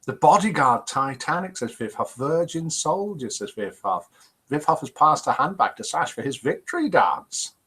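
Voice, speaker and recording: Chatty older British host, bright and husky. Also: male voice, a little high, sing-song, normal speed, poor audio. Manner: chatty, jokey, reads chat messages aloud. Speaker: host of a live interactive show. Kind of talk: live-stream chat reading viewer comments.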